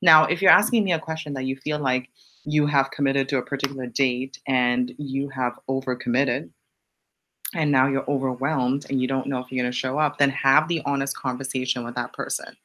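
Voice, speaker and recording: A woman's voice: steady tone, brisk, a bit bright. A woman hosting a casual motivational live stream, answering viewer questions bluntly and swearing for emphasis. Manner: jumps up in pitch on punchy repeated lines.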